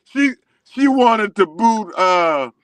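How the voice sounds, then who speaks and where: A man's voice: sits high, animated, slow pace, fairly bright tone, dry recording, far from the mic. A man on a morning show, laughing and egging on the others in casual banter.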